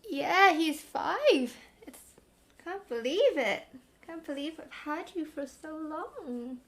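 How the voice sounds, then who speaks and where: A woman's voice: sits high, expressive, slow pace. A young woman at home on a webcam call, hosting an online party for her dog, cooing at him and giving him commands. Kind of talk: casual chat on a video call.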